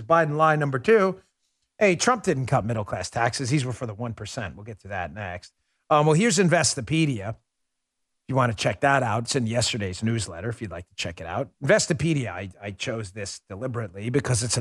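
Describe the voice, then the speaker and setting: A middle-aged man hosting a political talk show, delivering a casual, sarcastic commentary monologue with lots of quick asides. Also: medium pitch, no echo, studio quality. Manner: animated, sarcastic, rapid asides.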